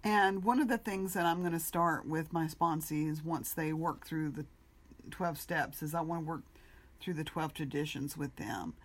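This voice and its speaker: A woman co-hosting a podcast, telling everyday stories in a casual, animated way. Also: deep voice, normal speed. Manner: storytelling, animated when telling anecdotes. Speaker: podcast co-host.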